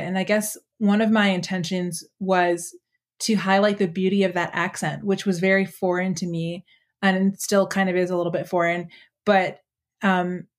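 A woman poet speaks about her writing in a calm, reflective conversational way. Her voice sits fairly low and stays level, with little rise and fall. She pauses to gather her thoughts, with the odd um. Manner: reflective, measured, with frequent ums.

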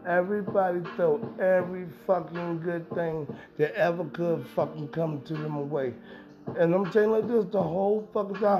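A man with a high voice delivers a rambling, profane podcast monologue and hammers every point with emphasis. The recording is dull and lo-fi, with music clearly playing underneath. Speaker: podcast host. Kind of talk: casual monologue. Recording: dull lo-fi sound with music behind.

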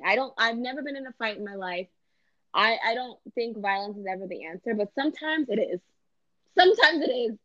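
A woman talks bluntly and with animation in a casual podcast chat, swearing freely and acting out what people said. Her voice sits at a middle pitch. The recording is dry and a little dull, like a lo-fi mic. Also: no room sound. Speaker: podcast co-host. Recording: dull lo-fi sound.

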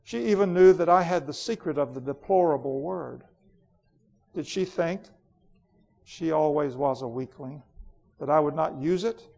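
A man's voice: a little high, moderate pace, gravelly, long pauses, dark tone. A man voicing a cold, ruthless queen in a dramatic storybook reading, in an imperious, declamatory manner. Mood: bitter, imperious. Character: proud, cold, ruthless ancient woman queen.

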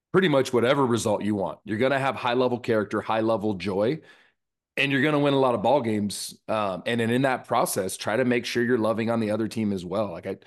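Brief: male podcast co-host, youth baseball coach, easygoing and rambling, mid-range voice. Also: mid-range voice. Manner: loose and chatty, filler-heavy, says dude. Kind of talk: casual podcast chat.

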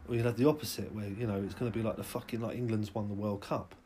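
A man's voice: lowish voice, steady tone, fast, dark tone, a little hiss or hum. A young man hosting a podcast, ranting through a profane, rambling comic monologue that keeps escalating. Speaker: podcast host.

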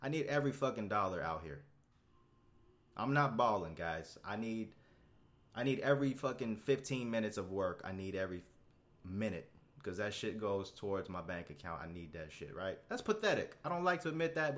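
A young man talks alone on his podcast in a low, relaxed voice, rambling and swearing freely. When he gets heated, his voice jumps up sharply. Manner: laid-back, profane and rambling, voice jumping up when worked up. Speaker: podcast host. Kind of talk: casual solo podcast monologue. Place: Houston, Texas.

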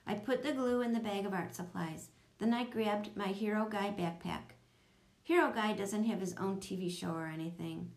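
A woman narrating a children's audiobook, telling it in a lively storytelling manner. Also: moderate pace. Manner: lively storytelling, voicing children in higher tones.

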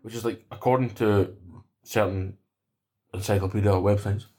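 A man's voice: fairly low pitch, steady tone, normal speed, dark tone. Laid-back Scottish man bantering. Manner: laid-back banter, calls people mate. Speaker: podcast co-host. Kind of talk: casual chat about combat sports.

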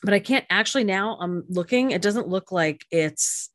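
Over a video call, a woman co-hosts a casual podcast chat, full of fillers and offhand swearing. Her voice is medium-pitched with lively intonation at a normal speed, and the recording is dry and studio quality.

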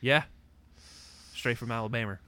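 A man's voice: medium pitch, moderate pace, pushed and bright. A man rambling and telling stories in a casual chat, often correcting himself. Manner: rambling, storytelling, self-correcting.

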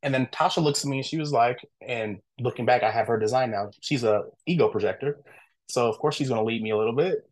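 A man who is a guest on a podcast. He tells a personal story in a casual, candid way and keeps slipping into lively quoted dialogue. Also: medium pitch, fast. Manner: animated, acts out quoted dialogue; candid, informal, with frequent fillers like "I'm like".

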